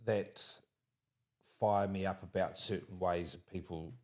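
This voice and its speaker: In a deep, unhurried voice, a New Zealand man conducts a relaxed, lively interview with a guest, breaking into laughter often and beginning his sentences again.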